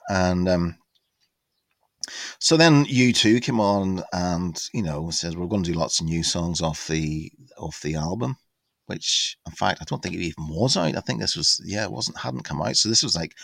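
A man in his fifties tells a story as a podcast guest, in a lowish voice with a dry, close sound. He talks in an animated, rambling way, swears freely and stops often to restart his sentences. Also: moderate pace, gravelly, no echo. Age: 50s. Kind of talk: casual storytelling anecdote.

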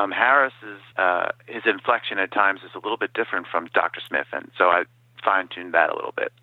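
A man guesting on an interview, telling stories in a lively way and dropping into quoted impressions. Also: low voice, fast, dry recording. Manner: animated storyteller who slips into quoted impressions. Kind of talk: casual interview over the phone. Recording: dry, tinny phone-line sound.

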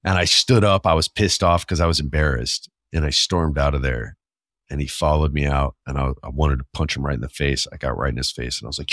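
A man with a very low, deep voice tells a story from his past in a loose, candid podcast manner, swearing freely. The sound is dry and close. He livens up sharply when he quotes people. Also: a little fast, no echo. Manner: candid, profane, animated when quoting. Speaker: podcast host. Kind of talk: casual storytelling.

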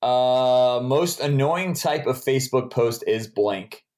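Relaxed young man hosting a chat. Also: medium pitch, slow pace. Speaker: podcast host. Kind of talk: casual chat.

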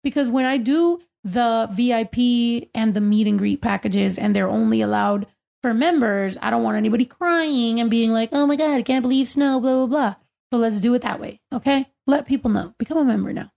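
A woman with a fairly high voice hosts a relaxed podcast chat. She talks loudly, swears freely and laughs a lot between remarks. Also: brisk, gravelly. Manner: loud, swearing, laughs often. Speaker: podcast host.

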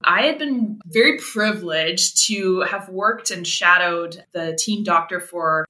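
A woman in her thirties from Canada, a sports medicine doctor telling stories as a podcast guest, animated and quick to laugh. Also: on the low side. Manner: animated, laughs often, acts out quotes. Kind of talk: casual podcast storytelling. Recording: roomy echo.

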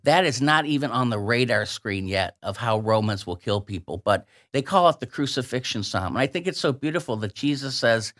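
A man guest on a radio talk show, walking through scripture verses at a deliberate, emphatic pace. His voice sits in an ordinary middle register. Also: medium pitch, animated, fairly bright tone.

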